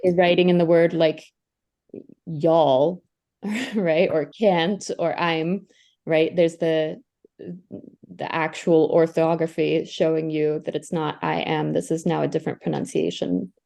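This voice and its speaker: A woman's voice: low-pitched, level tone, unhurried, vocal fry, mellow. A woman participating in a workshop, thinking aloud and checking her understanding as she asks questions.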